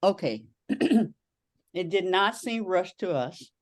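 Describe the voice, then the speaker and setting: A woman's voice: on the low side, animated, slow pace. A woman co-hosting a casual group chat, giving reassuring feedback in a rambling way with lots of fillers. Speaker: co-host.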